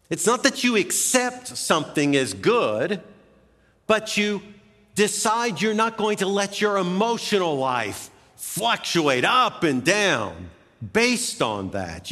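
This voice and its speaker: A man preaching a sermon as pastor, with emphatic rises and soft drops. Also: on the high side. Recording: long hall reverb.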